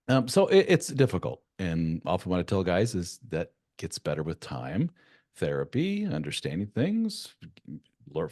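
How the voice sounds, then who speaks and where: Man, low voice, very lively pitch, interview host, acts out quotes, dry close sound. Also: dry recording. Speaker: podcast host. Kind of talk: conversational interview.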